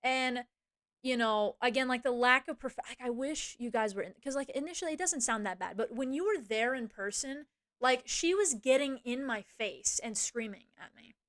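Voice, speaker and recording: A young woman with a fairly high voice vents to her stream chat about a fight at work, swearing freely and leaning on fillers like "like" and "you know." She's animated, rushing in quick bursts when quoting herself, and the clean studio recording has no room sound.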